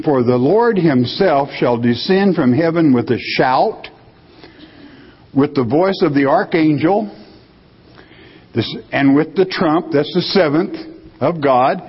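Brief: husky male Bible teacher, emphatic, dull lo-fi sound with long hall reverb. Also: on the high side. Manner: emphatic, rhetorical questions answered himself.

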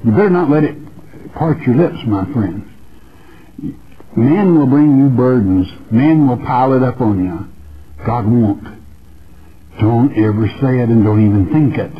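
A man's voice: mid-range voice, unhurried, long pauses, muffled recording, slight background noise. A man teaching the Bible verse by verse on a radio broadcast, earnest and repetitive, calling the listener his friend. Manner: earnest, repeats phrases, addresses listener as friend. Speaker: preacher.

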